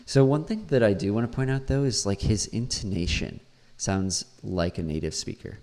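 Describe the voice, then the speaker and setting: A man's voice: fairly low pitch, moderate pace, dark tone. A man, an English teacher, critiquing a learner's pronunciation and repeating words aloud to model them.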